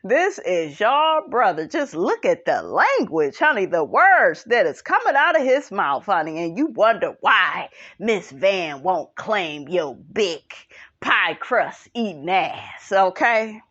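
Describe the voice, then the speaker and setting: A woman giving a sassy, animated casual commentary recap of a reality show, tossing in "honey" and "okay" as she goes. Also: slow pace, muffled recording. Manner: sassy, animated, sprinkles 'honey' and 'okay'; breaks into high laughing impressions.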